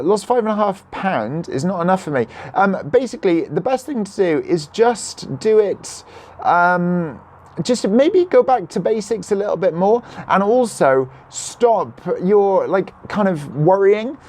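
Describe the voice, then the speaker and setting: A young man chatting casually on a live stream, reading out viewer comments and answering questions in a slightly croaky voice. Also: high-pitched, darkish tone. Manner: chatty, reads out comments, jokes and apologises. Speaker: vlogger answering live chat. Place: at home, neighbours nearby.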